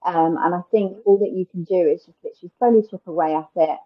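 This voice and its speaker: A woman's voice: on the low side, quick pace, husky, muffled recording. A woman, a guest on a casual podcast interview, chatting openly with many "like" and "um" fillers. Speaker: guest, wedding planner.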